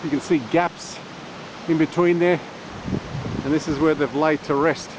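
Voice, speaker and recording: A man's voice: fairly high pitch, fairly even intonation, measured pace. A man narrating his bushwalk for a casual outdoor vlog, chatting as he goes, recorded on a handheld action camera outdoors. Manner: chatty, self-narrating on the move. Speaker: bushwalking vlogger. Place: outdoors in bush gorge by a waterfall. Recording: muffled camera audio with outdoor noise.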